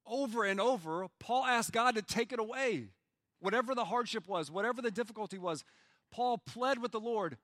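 A man preaching a sermon as pastor, swinging from loud pleading lines to hushed, quiet ones. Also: extremely high pitch, normal speed, dry recording, studio quality.

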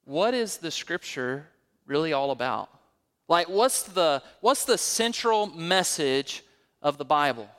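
A man with a fairly high, smooth, rather bright voice preaches slowly and with animation, moving verse by verse through scripture, asking rhetorical questions and climbing to emphatic peaks. He is a pastor, and the recording carries a long hall reverb.

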